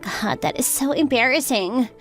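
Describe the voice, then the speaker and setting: Woman voicing a pleading young wife, anxious, high and lively voice, faint music. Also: moderate pace.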